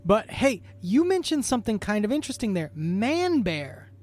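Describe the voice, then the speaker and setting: A man's voice: sits high, very animated, quick pace, a little mellow. A man co-hosting a casual podcast, joking and riffing playfully as he leads the talk. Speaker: podcast co-host.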